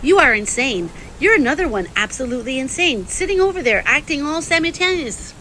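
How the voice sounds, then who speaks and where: A woman delivering a heated, profane, rapid-fire rant straight to her audience. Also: sits high, very animated, pushed and bright, a little hiss or hum, rough recording. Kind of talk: angry ranting monologue.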